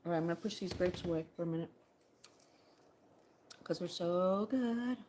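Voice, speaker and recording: A woman's voice: lowish voice, moderate pace, a little mellow, a little hiss or hum. A woman chatting playfully to her viewers on a casual livestream, thanking them and talking about the birds outside. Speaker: livestream host.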